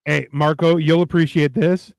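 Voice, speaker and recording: A man's voice: a little high, normal speed, creaky, no echo. A middle-aged man co-hosting a cooking stream, chatting casually, swearing and acting out the lines of people in his stories. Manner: animated storyteller, swears, acts out quoted lines. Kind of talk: casual chat while cooking.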